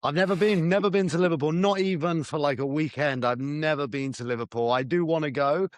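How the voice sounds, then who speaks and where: A man's voice: a little high, brisk, no room sound, clean studio sound. A man co-hosting a podcast, chatting casually and hedging his opinions. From southern England. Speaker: podcast co-host. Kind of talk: casual chat.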